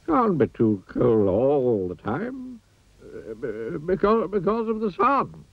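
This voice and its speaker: Storybook old wizard, male, wise and dismissive, high and husky, drawn-out halting delivery, dull lo-fi sound; a man voices him. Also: wildly swooping pitch, no echo, heavily acted. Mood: scoffing. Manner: slow, halting, with hesitations.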